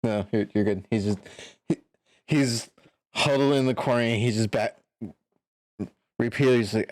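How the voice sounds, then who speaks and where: A man narrating as game master, halting and relaxed. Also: mid-range voice, no echo.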